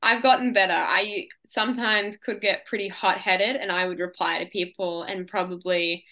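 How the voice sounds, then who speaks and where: A woman's voice: mid-range voice, fairly even intonation, moderate pace, sharp tone. A woman in her twenties from Australia, a guest in an interview who chats casually, rambles freely and laughs often. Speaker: guest, ultra runner.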